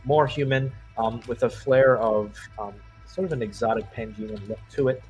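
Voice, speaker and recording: A man narrating as game master, describing scenes in a relaxed way with frequent pauses and fillers. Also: medium pitch, slightly rough, soft background music, poor audio.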